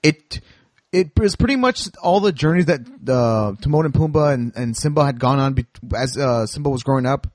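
A man's voice: mid-range voice, lively intonation, normal speed, darkish tone, no room sound. A man hosting a podcast in casual chat, explaining things in an opinionated way with frequent restarts. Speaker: podcast host.

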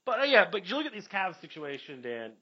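A man with a fairly high, very lively voice rambles through casual sports talk, joking and correcting himself as he goes. The audio is dull and lo-fi, like a home podcast. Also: brisk. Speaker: podcast co-host.

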